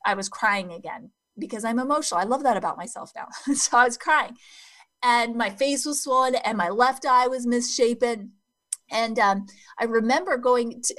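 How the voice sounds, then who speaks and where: A middle-aged woman coaching an audience on self-acceptance, telling a personal story in an earnest, heartfelt way that slows and softens at tender moments. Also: on the high side. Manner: earnest and heartfelt, slowing down and going soft and quiet at tender moments.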